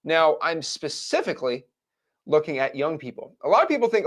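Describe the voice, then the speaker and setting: A man's voice: on the high side, big pitch swings, fairly quick, a bit bright. A man in his twenties giving a blunt, frank motivational talk to camera as a real estate wholesaling coach. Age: 20s.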